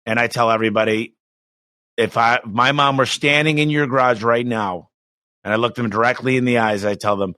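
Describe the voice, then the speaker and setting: A middle-aged man talking as a podcast guest, with bright, forceful energy and frequent restarts. The recording is dry and close, with no room around the voice. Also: medium pitch, no room sound. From United States. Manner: energetic, emphatic, quick restarts, acts out quoted voices. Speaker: business owner guest. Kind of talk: casual podcast interview.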